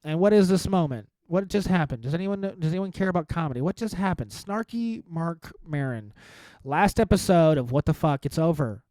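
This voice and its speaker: A man's voice: a little high, lively intonation, fairly quick, warm tone, no echo. A man in his thirties hosting his own podcast, a stand-up comic talking in a rambling, self-mocking, profane way. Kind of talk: casual solo podcast monologue.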